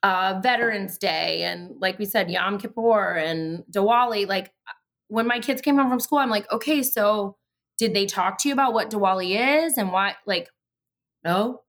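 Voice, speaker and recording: A woman's voice: medium pitch, moderate pace, a bit bright. A woman in her thirties from Virginia, a school board candidate chatting casually as a podcast guest and acting out quoted voices. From Prince William County, Virginia, USA.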